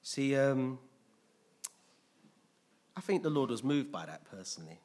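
Man preaching to a congregation, husky and chatty, keeps asking if they follow. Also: medium pitch, very animated, unhurried, a little mellow. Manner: conversational, often checks in with listeners. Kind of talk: conversational sermon.

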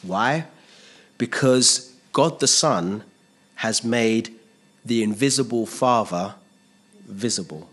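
A man's voice: fairly low pitch, slow pace, pauses often, fairly bright tone. A man preaching a sermon as pastor, earnest and emphatic, repeating phrases and asking the congregation rhetorical questions.

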